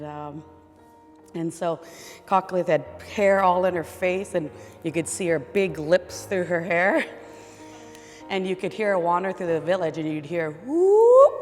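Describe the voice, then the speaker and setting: A woman telling a traditional legend in a relaxed, conversational way. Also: lowish voice, big-room sound. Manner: relaxed, conversational, with fillers and restarts. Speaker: storyteller.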